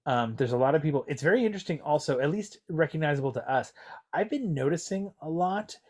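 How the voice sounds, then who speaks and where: A man's voice: on the high side, animated, quick pace. A man with an everyday mid-range voice who talks his way through a casual podcast chat. He hedges often and circles back on his own points. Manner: chatty, hedging, full of fillers and restarts. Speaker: podcast co-host.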